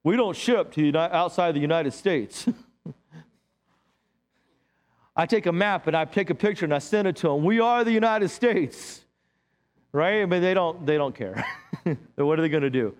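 A middle-aged man, a pastor, preaching a sermon in a church with lively, joking storytelling. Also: a little high, measured pace, long pauses.

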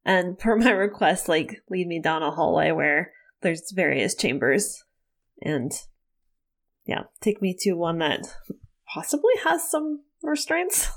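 A woman's voice: lowish voice, big pitch swings, takes it slowly. A woman player chatting casually in a tabletop game, playful and using "like" often.

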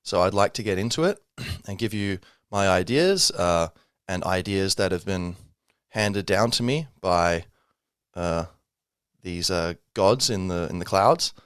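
A man's voice: sits low, animated, unhurried, fairly bright tone, smooth, dry recording, studio quality. A man hosting a casual solo podcast, rambling with many fillers and self-corrections. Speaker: podcast host.

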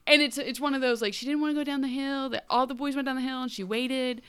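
A woman's voice: sits high, steady tone, quick pace, a bit bright, clean tone. A woman in her late thirties, co-hosting a casual book club chat, rambling and laughing often. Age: 30s. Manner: rambling, laughs often, puts on voices for quotes. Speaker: podcast co-host.

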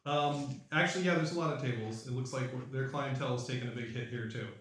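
A man narrating a tabletop game as game master, loose and halting, full of fillers. He sits away from the mic in a very echoey room. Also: medium pitch, a bit bright, recorded from a distance. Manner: loose, many fillers and hesitations.

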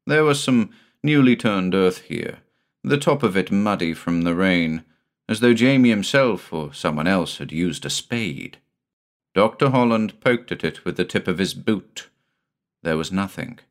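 A man narrates a vintage weird tale in a low, deep voice. His storytelling is measured but expressive, and his pitch moves freely to bring out the drama.

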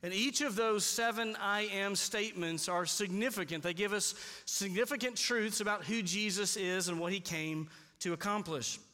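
A man preaching a sermon in a church, emphatic and slowing down on key points. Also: sits high, pushed and bright. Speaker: pastor. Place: church sanctuary. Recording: long hall reverb.

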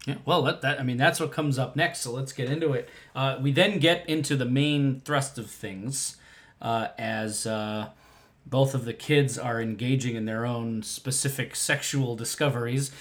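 Animated, emphatic podcast co-host man. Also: mid-range voice, normal speed. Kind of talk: casual chat.

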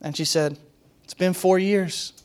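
A man's voice: high-pitched, fairly even intonation, unhurried, a little mellow, smooth. A man preaching a sermon as a pastor, in a conversational and playful way, often laughing and acting out what others said.

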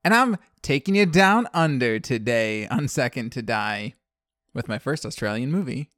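A man's voice: mid-range voice, animated, moderate pace, fairly bright tone, no echo, clean studio sound. A man co-hosting a casual horror podcast, talking in a rambling way and often correcting himself mid-sentence. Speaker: podcast co-host.

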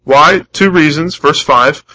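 Male pastor, slightly higher voice, tense and bright, emphatic preaching with repeated lines and rhetorical questions. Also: slow, poor audio. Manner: emphatic, repeats key phrases. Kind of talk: sermon.

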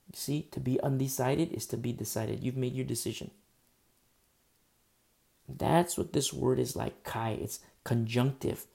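A male pastor delivers a sermon in a gravelly, dark-toned voice. His talk is loose and full of fillers and restarts. He slows down and rises sharply in emphasis on the words he stresses. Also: medium pitch.

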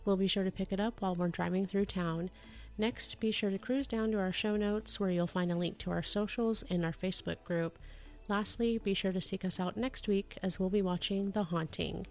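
A woman's voice: medium pitch, steady tone, normal speed, a little mellow. A woman co-hosting a podcast, reading the outro with teasing asides. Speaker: podcast co-host. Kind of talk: scripted podcast outro with jokes.

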